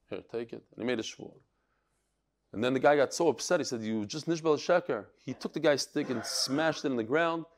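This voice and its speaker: Male Talmud teacher, high and very animated voice, acts out the quotes in his lesson. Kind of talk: Talmud class lecture.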